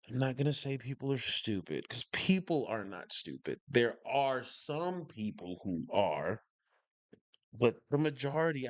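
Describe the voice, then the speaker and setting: A man from the northern US hosts a channel, delivering casual reaction commentary in a lowish voice with no echo. He speaks emphatically and opinionatedly, enunciating every word clearly and repeating his points for emphasis.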